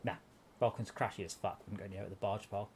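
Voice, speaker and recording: A man's voice: lowish voice, steady tone, fast, slightly rough. A young man hosting a game stream, giving exasperated running commentary with stumbling restarts. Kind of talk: casual gameplay chat.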